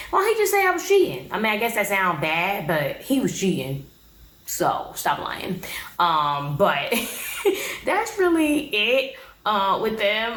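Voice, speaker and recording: A woman's voice: mid-range voice, fairly bright tone, roomy sound, rough recording. A woman giving a casual, blunt, sassy recap of a reality show, talking straight to her viewers.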